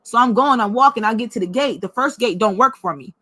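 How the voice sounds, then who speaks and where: A woman vlogger telling a personal story in a blunt, profane, animated way. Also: on the high side, fast talker, no echo.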